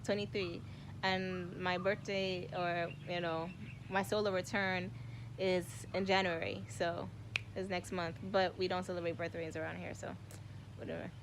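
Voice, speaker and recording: A woman's voice: fairly low pitch, level tone, unhurried, slight background noise. A woman in her twenties talking casually to her viewers, rambling and emotional, full of "like" and "y'all", close to tears at times. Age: 20s. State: tearful. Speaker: vlogger. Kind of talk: casual spiritual chat to viewers.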